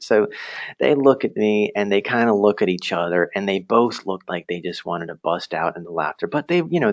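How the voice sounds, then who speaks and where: A man's voice: low voice, no echo. A young man telling a personal story in a class presentation, chatty and self-deprecating, laughing often and asking the audience questions.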